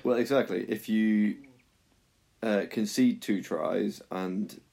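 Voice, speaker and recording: Dry-humoured gravelly man. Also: on the low side, steady tone, slow, a little mellow. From Ireland. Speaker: podcast co-host. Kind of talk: casual chat.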